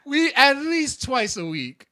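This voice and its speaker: A man in his thirties, co-hosting a podcast in a casual chat, telling excitable, slangy stories. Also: very high-pitched, slow pace, no echo, clean studio sound. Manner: animated storyteller, slangy and excitable. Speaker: podcast co-host.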